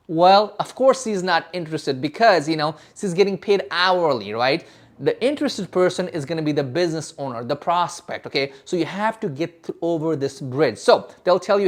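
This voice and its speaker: A man's voice: fairly high pitch, moderate pace. Emphatic male sales coach, "okay?" after everything. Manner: emphatic, tags many sentences with "okay?" and "right?"; repeats and restarts words while explaining. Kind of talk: instructional talk to camera.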